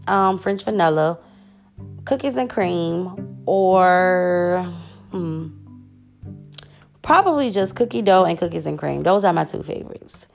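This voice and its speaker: A young woman in her twenties answers questions to camera in an unhurried, gravelly voice. Her voice sits a little low, and she keeps pausing to excuse her hiccups and burps. Faint music plays behind her. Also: animated. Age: 20s. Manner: hiccupping and burping, excusing herself often. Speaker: vlogger. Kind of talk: casual Q&A chat to camera.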